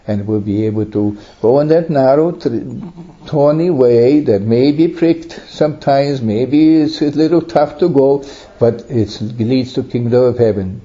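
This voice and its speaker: A man's voice: medium pitch, dark tone. A man preaching an Orthodox sermon with earnest, pleading emphasis that swells on key phrases. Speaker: Orthodox priest. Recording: dull lo-fi recording.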